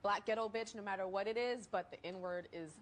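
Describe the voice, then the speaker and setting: A woman's voice: mid-range voice, brisk. A woman hosting a television talk show, firmly scolding her guests and pushing them to apologize. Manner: firm, scolding, commanding.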